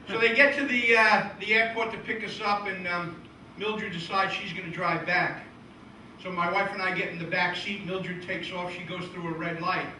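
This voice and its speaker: A middle-aged man doing a stand-up comedy and magic routine with deadpan joke delivery, acting out the voices of old relatives. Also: high-pitched, moderate pace. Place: live show venue. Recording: echoey room from a distant mic, faint noise.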